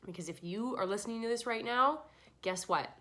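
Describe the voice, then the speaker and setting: A woman's voice: on the high side, brisk, pushed and bright. A woman hosting a podcast, tearful and earnest, giving a pleading motivational monologue. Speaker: podcast host.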